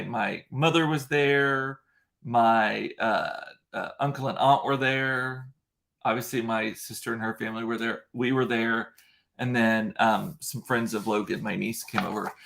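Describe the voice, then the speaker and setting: A man's voice: medium pitch, creaky, a bit bright. Chatty man telling campy gossip. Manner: chatty, gossipy, campy asides and mocking impressions. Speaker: vlogger. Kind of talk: casual chat.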